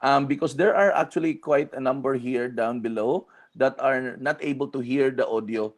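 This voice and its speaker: A man's voice: medium pitch, moderate pace. A man with a Filipino accent, a pastor guiding an online session, switching between English and Tagalog in a friendly coaxing way. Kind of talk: casual instruction to an online audience.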